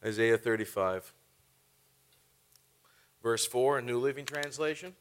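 A man's voice: medium pitch, a little slow, a little hiss or hum. A man preaching a sermon, telling a funny story and laughing often as he talks. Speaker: pastor.

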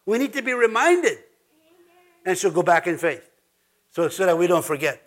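A man's voice: high-pitched, very animated, normal speed. A man preaching an informal sermon as pastor, chatty and laughing, with frequent restarts and repeated words.

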